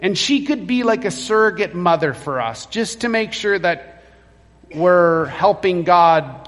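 A man's voice: on the high side, gravelly. A male pastor preaching a sermon in a church, telling the story and acting out the quoted lines. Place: church sanctuary. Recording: long church reverb.

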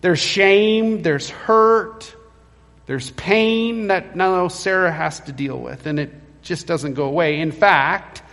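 High-voiced pastor preaching in a reverberant church. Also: male voice, slow pace, a bit bright. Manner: storytelling, acting out the quoted lines. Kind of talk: sermon. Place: church sanctuary.

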